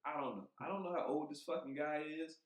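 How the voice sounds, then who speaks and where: A man's voice: a little high, quick pace. Emphatic swearing man, roomy podcast sound. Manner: heated, emphatic, swears freely, thinks aloud with restarts. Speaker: podcast co-host. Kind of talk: casual podcast chat. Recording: roomy echo.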